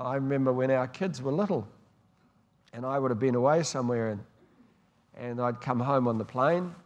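A man preaching a sermon, telling warm stories and moving between hushed and emphatic delivery. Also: medium pitch. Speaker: pastor. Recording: long hall reverb.

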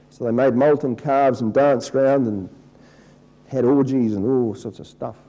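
A middle-aged man preaching a sermon in a conversational way, acting out people's complaints in a higher, whiny voice. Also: moderate pace, dark tone, low-quality recording. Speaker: pastor.

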